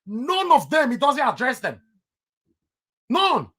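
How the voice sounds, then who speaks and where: A man's voice: extremely high pitch, huge pitch swings, slow, fairly bright tone, a little hiss or hum. A man with a Nigerian accent giving heated political commentary on his vlog, emphatic and repeating himself for stress.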